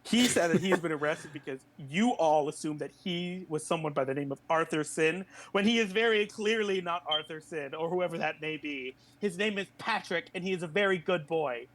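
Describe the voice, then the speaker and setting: A man's voice: a little high, normal speed, few pauses, fairly bright tone, slight background noise, natural voice. A man voicing a prim, scolding middle-aged mother who has come to free her son. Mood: indignant.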